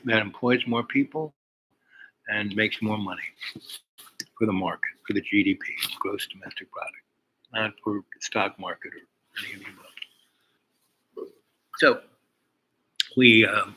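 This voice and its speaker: Give me an older man with a low, forceful voice, rambling through an anecdote. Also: slight background noise, low-quality recording. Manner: meandering, full of fillers and asides. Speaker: storyteller.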